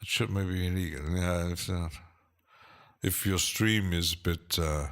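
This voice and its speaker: A man's voice: low-pitched, a little slow. A man hosting a casual live stream, chatting hesitantly with lots of fillers and little chuckles as he answers his chat.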